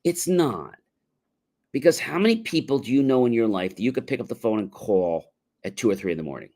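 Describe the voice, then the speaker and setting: A man's voice: medium pitch, animated, a little fast, mellow. Middle-aged guy doing a chatty motivational livestream, plays out little phone calls between friends. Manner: conversational, acts out both sides of imagined phone calls. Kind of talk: casual spoken advice monologue.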